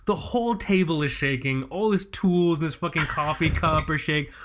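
A man's voice: a little high, normal speed, background noise. A young adult man hosting a podcast, chatting casually and telling a story full of restarts. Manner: rambling, storytelling with many restarts. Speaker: podcast host. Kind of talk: casual chat.

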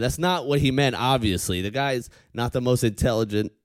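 A man's voice: medium pitch, moderate pace, few pauses, clean tone, no echo. A man delivering a profane comedic rant, often stopping with a pointed "okay?". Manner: animated, profane, heckles the audience with repeated "okay?".

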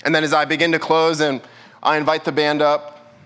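Young man, youth pastor, sermon, church, emphatic repeated questions, bright crisp tone. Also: a little high, flat delivery, brisk. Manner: repetitive, emphatic preaching with rhetorical questions.

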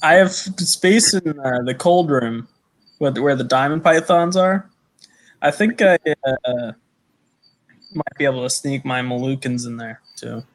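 A man's voice: mid-range voice, measured pace. Rambling man in casual chat. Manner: rambling, filled with "you know" and "uh". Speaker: podcast guest, snake keeper.

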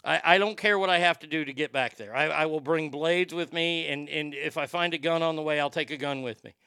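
A man's voice: on the high side, fairly quick, sharp tone, smooth, dry recording, clean studio sound. A man hosting a show in a rambling, profane comedic rant, often stammering and repeating words. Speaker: show host.

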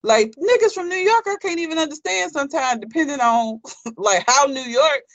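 A person from Alabama chatting casually in a relaxed, measured way. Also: high voice, dry recording. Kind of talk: casual chat.

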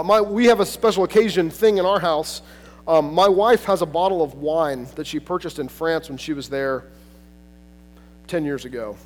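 A man with a high-pitched voice preaches in a relaxed, conversational way, dropping in asides and filler words as he goes. His voice rings out with a long reverb, as in a large church hall. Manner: casual, chatty, with frequent "like" and "um" fillers and asides. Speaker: pastor. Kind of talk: conversational sermon.

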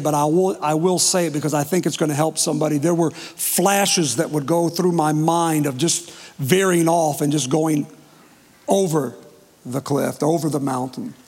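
A man preaching as pastor, telling a personal story emotionally with dramatic pauses. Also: fairly high pitch, darkish tone. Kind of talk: testimony sermon. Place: church sanctuary. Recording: long hall reverb.

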